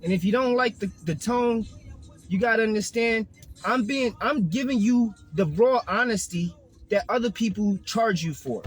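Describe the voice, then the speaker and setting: High-voiced Brooklyn man ranting in his car. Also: moderate pace, breathy edge, soft background music, rough recording. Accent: New York (Brooklyn). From Brooklyn, New York. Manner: profane, streetwise, hyped-up preaching. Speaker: vlogger. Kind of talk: unscripted motivational rant. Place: inside a car.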